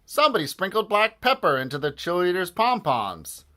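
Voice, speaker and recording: A man voicing an excited fan who shouts accusations from the bleachers, high and loud. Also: normal speed, full character voice. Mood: outraged.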